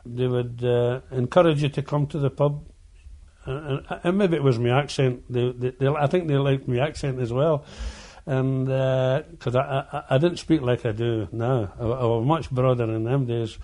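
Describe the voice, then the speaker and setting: An older man, a former coal miner, reminiscing in an oral history interview, halting and often repeating words as he tells his stories. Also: medium pitch, steady tone, dark tone.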